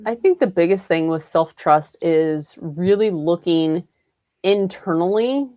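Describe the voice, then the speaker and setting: A woman's voice: fairly low pitch, measured pace, dark tone, dry recording, clean studio sound. A woman in a roundtable chat, explaining her views in an earnest way, often checking in with "right?" and "you know". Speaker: roundtable participant, health coach.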